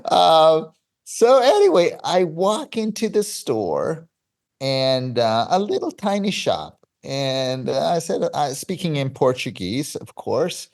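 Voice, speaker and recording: A man, telling a story as an interview guest with excited, stop-start energy. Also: on the high side, takes it slowly. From Cyprus. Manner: animated, excitable, with frequent restarts and laughs.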